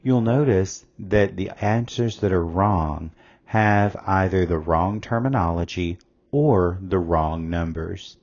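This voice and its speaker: A man reading a scripted test-prep lesson as a tutor, reading questions and answer options aloud in a measured way. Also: low voice, a little mellow, highs cut off.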